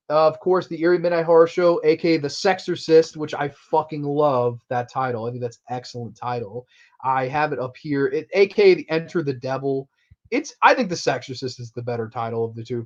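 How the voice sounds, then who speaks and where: Brief: a higher-voiced male host giving an excitable, profane film review, on a muffled lo-fi recording. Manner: excitable, profane, laughs often. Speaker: horror movie reviewer, show host. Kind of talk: casual movie review monologue.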